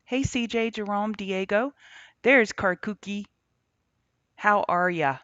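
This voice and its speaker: A chatty woman hosts a live market prep stream and greets her chat viewers by name between setups. Her voice sits at a middle pitch. The sound is dry, dull and a bit lo-fi. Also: takes it slowly, fairly bright tone, no room sound. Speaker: trading show host. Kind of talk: casual livestream market commentary. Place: on the road, remote setup.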